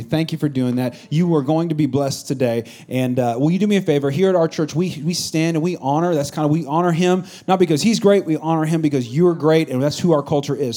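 A male pastor talking fast and encouragingly from the front of a church. His voice sits a bit high for a man as he introduces the guest. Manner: warm, encouraging. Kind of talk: church announcement. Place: church sanctuary.

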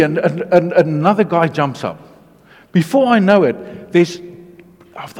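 A man preaching a testimony sermon, telling his story in an animated way, dropping to a hush and then rising to loud excitement. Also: on the high side. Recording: long hall reverb.

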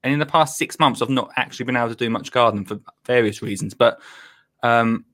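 A man's voice: mid-range voice, quick pace, a bit bright. A man hosting a casual podcast chat, rambling and chummy, laughing easily. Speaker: podcast host.

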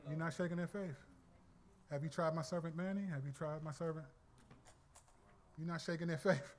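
A man voicing God as a calm, casual, unbothered deity in an offhand everyday manner. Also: fairly high pitch, normal speed, a little hiss or hum, natural voice. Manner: casual, breezy, colloquial.

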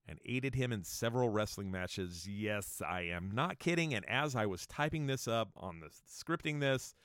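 Foul-mouthed male podcast host, heated mocking rant, animated delivery, dry booth. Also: fairly low pitch, no echo. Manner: angry, swearing, mocking whiny voices. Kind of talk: profane casual podcast rant.

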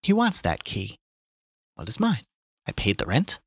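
A man's voice: fairly low pitch, wildly swooping pitch, normal speed, breathy edge, no room sound, exaggerated voice. A man reading aloud and voicing a grim, sardonic young man with dry, clipped lines.

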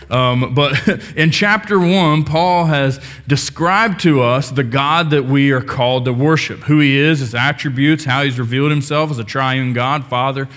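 A young adult man preaching a casual sermon as pastor, joking with the congregation and filling pauses with ums and restarts. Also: medium pitch, fairly bright tone.

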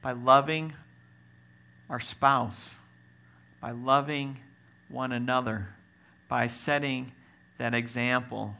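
A man preaching a sermon as pastor, swinging from loud exclaims to quiet asides, with joking moments. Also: mid-range voice, fairly even intonation, takes it slowly, vocal fry, pauses often.

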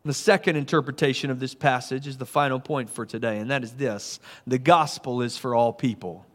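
A man preaching a sermon as a pastor, earnest, swelling to emphatic and then dropping soft. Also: medium pitch, normal speed.

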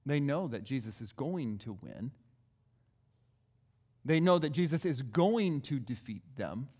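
Animated preacher in a reverberant hall. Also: male voice, mid-range voice, a little slow. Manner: conversational, emphatic, repeats key lines. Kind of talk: expository sermon. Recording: long reverb in a large hall.

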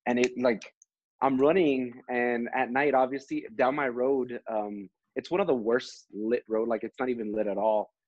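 Husky rambling male teacher. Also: medium pitch, steady tone, moderate pace, darkish tone, no room sound, dull audio. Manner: rambling storyteller, many fillers. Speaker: teacher and podcast co-host. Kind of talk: casual chat.

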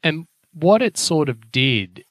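A man's voice: a little high, big pitch swings, takes it slowly, no room sound. A man chatting casually about films, rambling, with lots of fillers and restarts and some swearing. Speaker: podcast co-host. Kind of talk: casual film chat.

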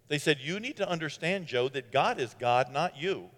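Pastor, man, animated sermon delivery, fairly high voice, long hall reverb. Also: moderate pace, few pauses. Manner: animated, swings from loud to quiet.

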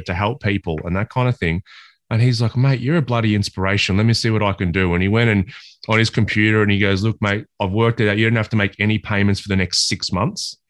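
A man's voice: on the low side, fairly bright tone, no room sound. A man in casual podcast chat, candid and sweary, telling stories about his recovery.

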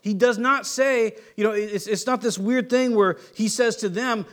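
High-voiced man preaching conversationally. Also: lively intonation, moderate pace, hardly any pauses, a bit bright. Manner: conversational teaching with rhetorical questions and restarts. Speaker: pastor. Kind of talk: sermon.

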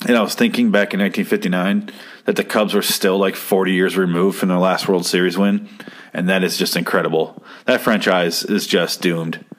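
Lower-voiced man, sarcastic rambling podcast host, swears a lot, does the characters' lines himself. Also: steady tone, normal speed. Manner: sarcastic, rambling, swears freely, acts out quotes. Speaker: podcast host reviewing an old TV episode. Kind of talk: casual profane commentary.

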